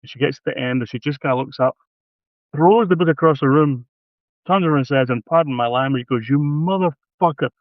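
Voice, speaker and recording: A man's voice: mid-range voice, fast, no echo. A man in his fifties, an author telling stories in a rambling, casual way, on a video call. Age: 50s. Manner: rambling, restarts a lot. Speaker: author guest. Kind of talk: casual storytelling. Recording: tinny phone-like line, dry.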